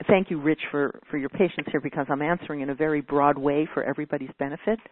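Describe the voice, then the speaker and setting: She talks at a quick pace in a low, steady voice, answering a caller earnestly in a teaching talk and sometimes acting out whiny quotes. The audio is dry and phone-like, with no room sound.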